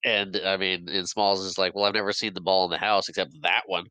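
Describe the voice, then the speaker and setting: A man's voice: low voice, little pitch movement, a little fast, pushed and bright, smooth, dry recording, rough recording. A man co-hosting a podcast, chatting casually about a movie with wry asides and frequent laughs. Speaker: podcast co-host. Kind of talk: casual movie recap chat.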